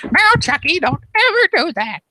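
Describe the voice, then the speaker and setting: Una mamma da cartone, cantilenante. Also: female voice, big pitch swings, moderate pace, heavy background noise. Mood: scolding. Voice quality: high sing-song scolding tone. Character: sing-song cartoon mother scolding child.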